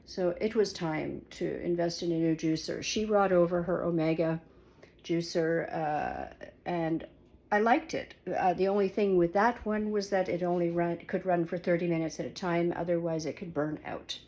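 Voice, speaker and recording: A woman's voice: fairly low pitch, fairly even intonation, moderate pace, darkish tone. A woman casually talking through her home kitchen in a rambling, hesitant vlog, with many fillers and restarts. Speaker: vlogger.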